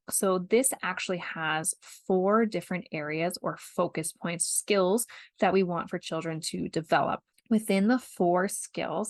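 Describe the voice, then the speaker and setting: A woman's voice: lowish voice, dry recording. A woman with a Canadian accent hosting an instructional podcast, patiently explaining early reading skills step by step with spoken examples. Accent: Canadian English. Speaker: podcast host, parent educator.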